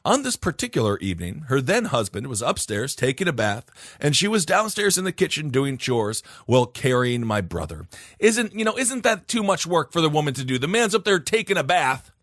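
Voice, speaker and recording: Brief: podcast host, man, lively swooping delivery, a bit high, dry close sound. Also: a little fast, no room sound. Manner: animated, jokey asides. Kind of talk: comedic story reading.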